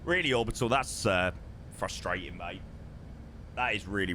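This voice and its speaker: Chatty streamer with a strained voice. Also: male voice, low-pitched, normal speed, pushed and bright, slight background noise. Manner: chatty, addresses chat as mate. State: losing his voice. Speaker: flight sim streamer. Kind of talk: casual live stream chat.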